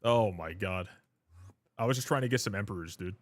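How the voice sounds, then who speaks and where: A man's voice: lowish voice, a little fast, no echo. A young man, telling a rambling, profane story while streaming a game. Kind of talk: casual livestream chat.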